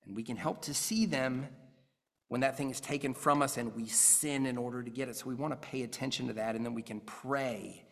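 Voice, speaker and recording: A man's voice: medium pitch, fairly even intonation, brisk, vocal fry, in a large hall. A man in his thirties preaching a sermon as pastor, earnest and conversational, using everyday examples.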